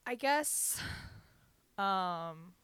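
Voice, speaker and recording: A woman in her twenties co-hosting a podcast, telling a story in a heated, profane way with loud bursts of emphasis. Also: mid-range voice, lively intonation, very slow, clean tone, dry recording. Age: 20s. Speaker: podcast co-host. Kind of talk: casual chat.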